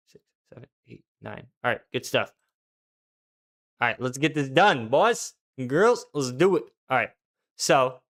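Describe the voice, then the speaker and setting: A young man talks through his gameplay on a live stream, loose and slangy, reading viewers' questions aloud as he goes. His smooth voice is bright and clean at an ordinary male pitch.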